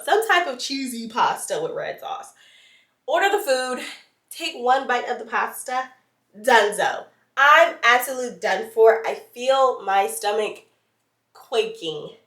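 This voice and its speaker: Animated woman vlogger, bright tone, chatty storytime, echoey room a bit off mic. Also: fairly high pitch, recorded from a distance. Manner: animated, dramatic storytelling with slang. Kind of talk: casual storytime chat.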